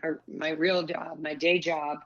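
A woman in her sixties tells stories candidly in an interview, circling back with asides and quick restarts. Her voice sits a little low for a woman, and the recording sounds somewhat dull and lo-fi. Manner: animated storyteller, many asides and restarts. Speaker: former pro basketball player and broadcaster, guest. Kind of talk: candid storytelling conversation.

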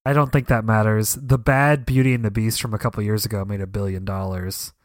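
A man on a casual podcast panel, speaking in a measured, matter-of-fact way. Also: on the low side, fairly even intonation, dry recording, clean studio sound. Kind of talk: casual chat.

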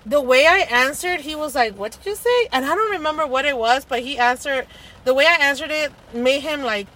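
A woman's voice: high voice, fairly quick, sharp tone, poor audio. A young woman co-hosting a casual chat, telling candid stories full of swearing. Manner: candid, profane storytelling. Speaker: podcast co-host.

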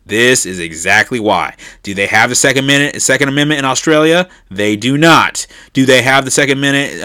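A man's voice: mid-range voice, bright, forceful tone, smooth, no room sound. Insistent man, dry close sound. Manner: emphatic, repeats "okay?" for stress; insistent, rising in intensity. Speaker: political commentator. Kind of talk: opinion monologue.

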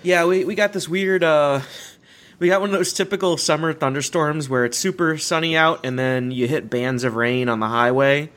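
Here a young male podcast host chats casually, restarting his stories and laughing often as he rambles. The voice is a little high with fairly even intonation, a normal speed and a fairly bright sound.

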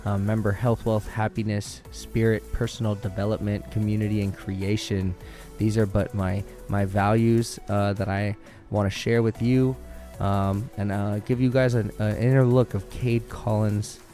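In a casual solo monologue, a young man rambles cheerfully and gratefully with lots of filler words, his mouth right up against a studio mic in a small room with a fan running. His voice is lowish and dark with a level tone and normal speed, and faint music plays behind him.

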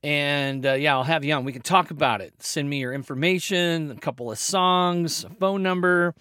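A man's voice: moderate pace, pushed and bright, clean tone, dry recording. Upbeat rambling male podcast host. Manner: upbeat, rambling, playful, with sudden pitch jumps. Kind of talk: energetic solo podcast intro.

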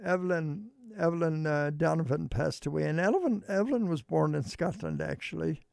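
Male radio host, slightly high, heavy vocal fry, dry close sound, halting casual patter. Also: a little mellow, no room sound. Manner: halting, rambling announcements. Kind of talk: casual on-air chat with a co-host.

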